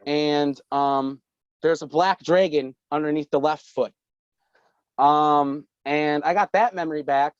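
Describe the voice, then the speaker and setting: A man's voice: fairly high pitch, fairly even intonation, measured pace, clean tone, no echo. Brief: male guest, rambling casual storyteller, curses freely, dry and dull remote audio. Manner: rambling, profane, laughing often. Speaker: podcast guest.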